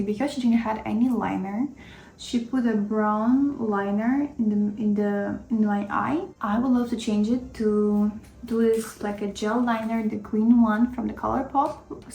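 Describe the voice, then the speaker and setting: A woman narrates her makeup routine in a casual, rambling way, full of self-critical asides. Her voice is mellow with a gravelly fry. The recording carries the echo of a roomy space. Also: fairly high pitch. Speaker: makeup vlogger. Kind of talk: casual makeup tutorial commentary. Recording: echoey room.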